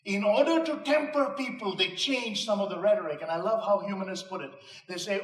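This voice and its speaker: Male inspirational speaker, a bit high-voiced, emphatic and rhetorical, recorded off mic in a roomy hall. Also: fairly quick, few pauses, distant mic. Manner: emphatic, rhetorical, with punchline jokes. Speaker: motivational speaker. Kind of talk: inspirational speech to a live audience. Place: live venue before an audience. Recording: echoey room, voice off mic.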